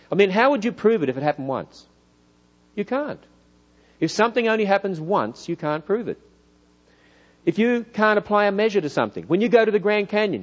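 A middle-aged man with an Australian accent, preaching in a church hall, lively and full of rhetorical questions. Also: high voice, muffled recording. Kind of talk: church lecture.

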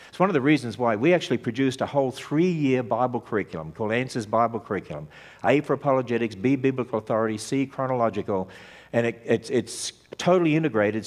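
A man giving an emphatic sermon-style talk as a ministry speaker, asking rhetorical questions of his audience. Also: medium pitch.

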